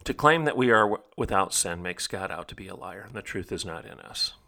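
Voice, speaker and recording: A man's voice: sits low, lively intonation, fairly quick, creaky, sharp tone. A middle-aged man hosting a podcast, delivering an emphatic, rhetorical monologue that repeats phrases for stress. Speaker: podcast host. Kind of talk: preaching monologue.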